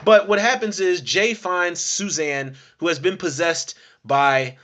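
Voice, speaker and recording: Animated profane man with a bright voice. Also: measured pace. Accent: Philadelphia. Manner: animated storytelling, acts out characters' lines with pitch jumps. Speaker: podcast host reviewing horror films. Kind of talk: casual profane monologue.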